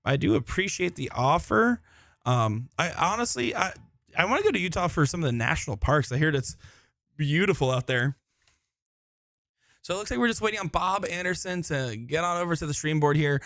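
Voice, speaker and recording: A man's voice: a little high, lively intonation, brisk, creaky, a bit bright, no room sound, clean studio sound. A man giving live solo commentary at a darts tournament in a busy room, chatting with viewers and joking about himself. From Florida. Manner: chatty, joking, self-deprecating.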